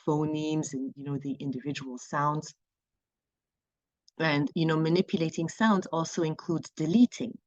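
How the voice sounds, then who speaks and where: A woman training reading volunteers, talking through classroom activities in a relaxed, conversational way with plenty of fillers. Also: low voice, dry recording, highs cut off. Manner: conversational teaching with fillers and playful classroom examples. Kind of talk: training presentation.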